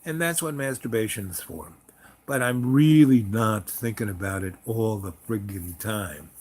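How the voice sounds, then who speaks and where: A man's voice: fairly low pitch, a little slow, darkish tone. Rambling, frank male storyteller. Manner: rambling and frank, many fillers and restarts. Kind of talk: casual spoken storytelling.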